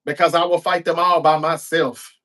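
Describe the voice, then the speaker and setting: A man's voice: fairly high pitch, little pitch movement, normal speed, sharp tone. A man hosting a show, giving a casual recap of a wrestling episode and acting out the wrestlers' lines as he goes. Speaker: show host.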